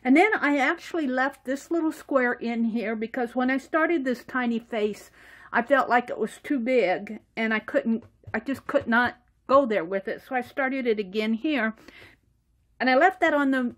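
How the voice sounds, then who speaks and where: A woman vlogger walking through her sketchbook in casual show-and-tell narration, chatty and quick to laugh. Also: high voice. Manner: chatty, laughs often, acts out little dialogues. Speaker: art journaling vlogger.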